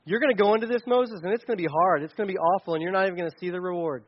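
A man preaching a sermon in a conversational, animated way, with playful asides. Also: high-pitched, very fast, slightly rough, dull audio. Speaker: pastor.

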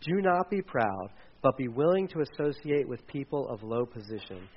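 Muffled casual pastor, forties. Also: male voice, mid-range voice, expressive, normal speed, husky. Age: 40s. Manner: casual, self-deprecating, dad jokes, frequent fillers. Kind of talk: sermon.

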